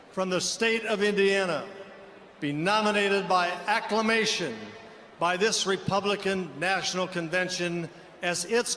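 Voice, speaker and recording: A man's voice: high-pitched, bright, forceful tone. A man formally moving a nomination at a convention. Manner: formal, ceremonial. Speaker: delegate making a motion. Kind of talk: formal motion. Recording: roomy echoing hall, faint noise.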